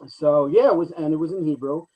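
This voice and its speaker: A man's voice: a little high, a little fast, highs cut off. A man, a guest actor, chatting animatedly in an interview and telling stories with frequent fillers. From United States. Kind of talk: casual interview chat.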